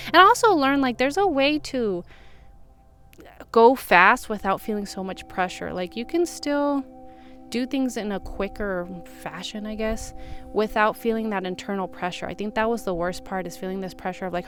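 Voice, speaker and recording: A young woman in a casual vlog, talking gently and reflectively about kindness to herself, with soothing asides. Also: medium pitch, moderate pace, soft background music. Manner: gentle, reflective, soothing when quoting self-talk. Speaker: vlogger. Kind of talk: casual self-help talk to camera.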